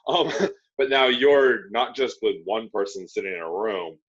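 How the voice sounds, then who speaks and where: Brief: male podcast host, lowish voice, stop-start clarifying questions, lo-fi. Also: lively intonation, measured pace, breathy edge. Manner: restarts, clarifies for listeners, frequent backchannels. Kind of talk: interview questions. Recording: dull lo-fi sound.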